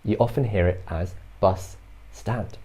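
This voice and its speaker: A man who grew up in London, explaining word differences in a calm, patient way. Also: fairly low pitch, unhurried, crowd noise. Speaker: co-presenter. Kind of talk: explanatory chat.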